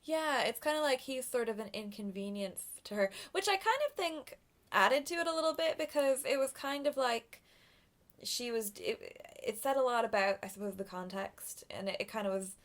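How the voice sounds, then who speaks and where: A woman's voice: fairly high pitch, normal speed. Giggly, chatty woman co-host. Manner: chatty, giggly, trails off into asides. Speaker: podcast co-host. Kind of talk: casual film chat.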